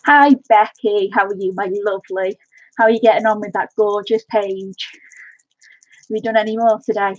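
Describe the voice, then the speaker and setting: Expressive and fairly high-pitched at a normal pace, this livestream colouring host chats casually and warmly from home, greeting viewers by name. The audio has no room sound but comes across dull and lo-fi.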